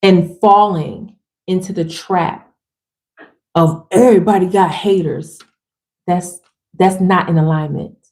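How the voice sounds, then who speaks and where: A woman's voice: fairly low pitch, steady tone, takes it slowly, long pauses, darkish tone. A woman giving a casual, emphatic livestream pep talk, talking straight to her women viewers in slangy, chatty speech. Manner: fired-up, emphatic, swears casually. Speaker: motivational speaker.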